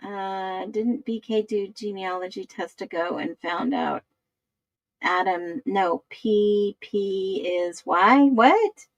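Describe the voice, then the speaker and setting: As livestream host, this woman reads out viewers' comments and thinks aloud while looking things up, all in a relaxed way. Her mid-range voice is steady and slow, and the lo-fi audio has no echo.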